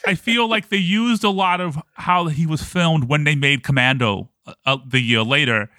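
A man's voice: on the high side, pushed and bright, no echo. Chatty man in a dry room. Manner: chatty, stumbling, quick laughs. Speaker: podcast co-host. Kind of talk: casual movie chat.

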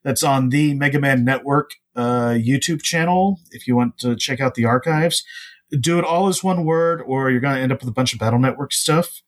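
Male podcast guest, mid-pitched, casual and meandering. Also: moderate pace. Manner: rambling, full of "uh" fillers. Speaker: podcast guest, comics writer.

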